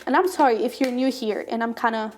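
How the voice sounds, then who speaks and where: A woman giving a casual tarot reading to her viewers, excited and fast-talking, warm and encouraging, with many fillers. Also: a little high, soft background music. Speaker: tarot reader.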